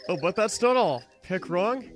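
A man's voice: sits high, lively intonation, moderate pace, faint music behind. A man reading as a brash quiz-show host. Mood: showy. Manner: showy announcer patter.

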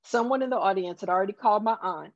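A woman's voice: medium pitch, quick pace, no room sound. Southern lady guest, heartfelt storytelling, muffled dry recording. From Southern US countryside. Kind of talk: conversational interview.

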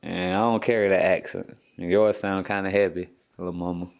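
A man's voice: low-pitched, little pitch movement, brisk, creaky. A man, a father hosting a casual family vlog at home, ribbing his kids with profane jokes and frequent laughs. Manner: teasing, profane, joking banter.

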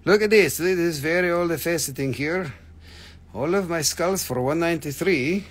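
A man's voice: a little high, normal speed. Joking man selling gems live. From United States. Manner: joking, rambling, swears. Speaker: live-stream gem seller. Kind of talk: casual live sales chat.

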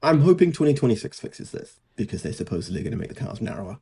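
A man's voice: mid-range voice, sing-song, quick pace, mellow, breathy edge. A man, co-hosting a podcast in casual, sarcastic chat. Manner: dry, sarcastic, mocking impressions. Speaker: podcast co-host.

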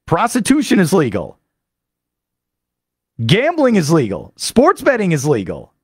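Male radio host, excitable, rambling storyteller, animated voice, dry close studio sound. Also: high voice, no echo. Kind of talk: animated monologue recapping a trip.

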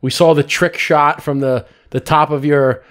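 A man hosting a podcast, asking a guest a casual question in a halting way. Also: fairly high pitch, fairly even intonation. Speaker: podcast host. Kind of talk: casual chat.

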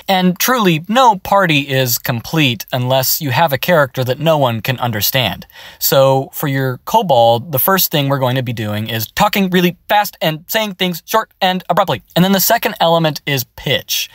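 A man's voice: fairly high pitch, animated, moderate pace, fairly bright tone, dry recording, studio quality. A man giving a casual, upbeat voice acting tutorial, explaining step by step from his car.

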